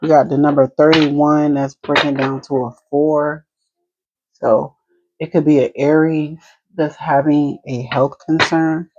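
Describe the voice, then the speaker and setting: A woman's voice: low voice, level tone, a little slow, highs cut off. A woman with a New Jersey accent giving an intuitive tarot reading, musing aloud and speaking to spirit as she pulls cards. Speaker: tarot reader. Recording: clear background noise.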